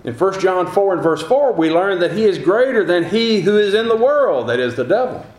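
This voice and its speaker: A man's voice: high-pitched, very animated, moderate pace, darkish tone, echoey room. A man preaching a sermon, building earnest, repetitive lines to his congregation.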